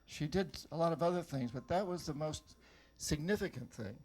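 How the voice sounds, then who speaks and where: A man's expressive voice, on the high side and a little mellow, moves at normal speed as this older author from New Hampshire, USA, gives a rousing motivational speech to a live audience. He tells stories and keeps firing questions at the crowd.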